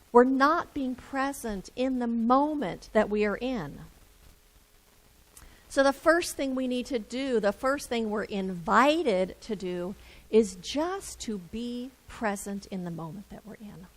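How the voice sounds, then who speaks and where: A woman minister giving a reflective sermon with gentle, repetitive phrasing. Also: fairly high pitch, measured pace, poor audio.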